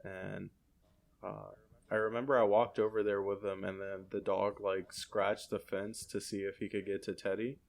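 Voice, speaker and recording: A man hosting a podcast, telling relaxed, rambling stories in a casual chat. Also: on the low side, moderate pace, gravelly. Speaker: podcast host.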